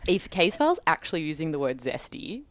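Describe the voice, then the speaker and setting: A young Australian woman co-hosting a chatty podcast, her voice low and lively as she swears freely and laughs at herself. Her talk is loose and playful. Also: fairly quick, dry recording. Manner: sweary, giggly, self-mocking. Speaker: podcast co-host. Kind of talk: casual chat.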